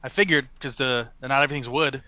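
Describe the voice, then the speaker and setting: A man's voice: mid-range voice, steady tone, fast talker, sharp tone. A man playing a tabletop game, goofy and playful. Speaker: player.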